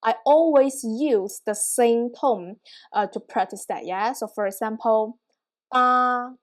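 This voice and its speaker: Slow, patient woman teaching tones. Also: fairly high pitch, dark tone. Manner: slow, patient, checks in with "yeah?". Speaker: Mandarin teacher. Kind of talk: online language lesson.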